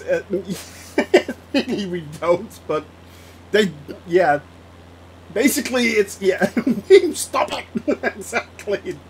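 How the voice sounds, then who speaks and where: High-voiced, giggly male streamer. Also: a little hiss or hum. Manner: laughs often, reacts to chat. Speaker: flight sim streamer. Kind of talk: casual live-stream chat.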